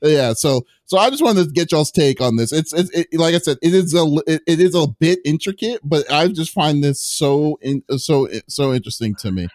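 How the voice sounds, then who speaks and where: A man hosting a gaming podcast, chatting casually, halting with many fillers and restarts and laughing often. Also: fairly high pitch, animated, a little mellow, dry recording, studio quality. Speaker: podcast host. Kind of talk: casual chat.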